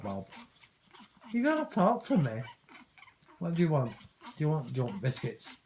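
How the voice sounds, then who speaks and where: A woman coaxes her pet bird in a lively, sing-song voice that swoops up and down. She talks slowly and teases with playful swearing. A faint hiss sits behind her. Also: medium pitch, poor audio. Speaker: parrot owner. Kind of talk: casual chat to a pet.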